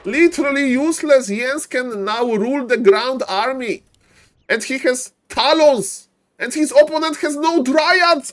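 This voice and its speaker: A man casting a live strategy game, excitable, repeating phrases and yelling advice at the players in non-native English. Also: extremely high pitch, unhurried. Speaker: esports caster.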